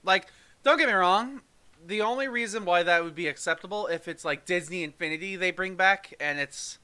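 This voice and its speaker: A man's voice: high-pitched, normal speed, sharp tone, clean tone. A man co-hosting a casual live-streamed review show, chatting loosely and laughing between lines. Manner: chatty, laughs often, rambling sign-off. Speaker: podcast co-host. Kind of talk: casual chat.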